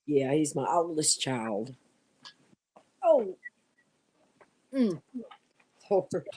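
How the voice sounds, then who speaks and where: A woman's voice: sits low, very animated, very slow, warm tone, slightly rough, poor audio. A middle-aged woman chatting casually from home while crafting, easygoing and laughing as she talks. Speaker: live stream guest.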